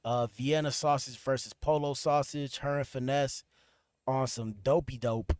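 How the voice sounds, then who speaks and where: A man's voice: medium pitch, steady tone, unhurried, darkish tone, smooth, no room sound. A man hosting a podcast, talking loose and slangy to his live chat as he reacts to clips, trailing off and restarting. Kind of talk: casual commentary to a live chat.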